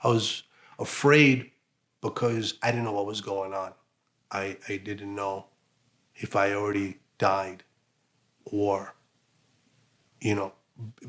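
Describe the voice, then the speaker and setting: A man with a fairly low voice tells his own story in an interview. His speech is halting and emotional, broken by fillers and restarts. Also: fairly bright tone. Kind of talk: emotional personal testimony.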